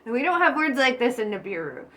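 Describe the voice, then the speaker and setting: A woman's voice: fairly high pitch, sing-song, a little fast, pushed and bright. A woman vlogging in a rambling, casual monologue, giggling often, swearing and losing her train of thought. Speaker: spiritual vlogger.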